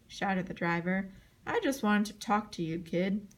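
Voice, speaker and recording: Woman reading a children's chapter book. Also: unhurried. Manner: reads the dialogue with lively voices, jumping high for shouts. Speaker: audiobook reader. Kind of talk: scripted narration.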